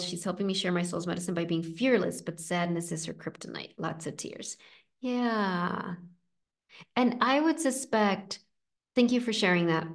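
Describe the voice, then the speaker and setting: Woman coach, gentle and reassuring, casual live-session delivery. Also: medium pitch. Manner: gentle, reassuring, conversational with frequent fillers. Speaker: inner child coach. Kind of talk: live coaching session, reading chat comments.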